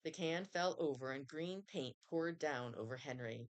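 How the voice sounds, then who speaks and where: A woman reading a children's chapter book aloud in an expressive storytelling manner. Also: low voice, unhurried. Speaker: reader.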